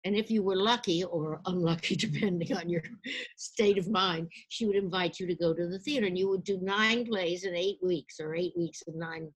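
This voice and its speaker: An older woman, an actress, recounting her past in a storytelling interview, lively and acting out the people she quotes. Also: lowish voice, normal speed, husky.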